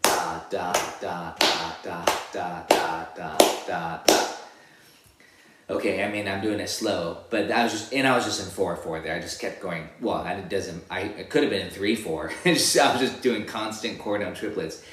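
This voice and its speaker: A man giving a relaxed guitar lesson, explaining rhythms and singing them out as counted syllables. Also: deep voice, fairly quick, hardly any pauses. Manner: counts beats and sings rhythms with "da, da" between explanations. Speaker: guitar teacher. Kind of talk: casual music lesson. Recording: echoey room with loud guitar playing. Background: his own guitar playing.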